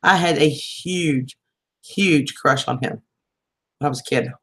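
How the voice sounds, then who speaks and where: Chatty woman with a lowish voice. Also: measured pace, a bit bright. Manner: affectionate, chatty, calls viewers sweetheart and hon. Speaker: livestream host. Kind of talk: casual livestream chat with viewers.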